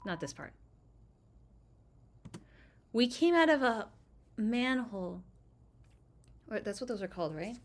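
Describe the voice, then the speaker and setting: A woman's voice: on the high side, very animated, a little slow, long pauses. Chatty, rambling woman gaming host. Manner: rambling, chatty, with frequent fillers and laughs; swings between loud outbursts and quiet muttering. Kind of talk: casual let's play commentary.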